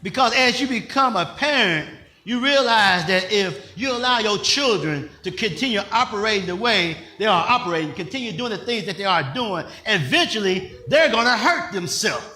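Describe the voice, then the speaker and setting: An older man, a pastor, preaching in a conversational style with call-and-response questions, rising at times to shouts. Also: sits high, lively intonation, normal speed, echoey room. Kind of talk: sermon.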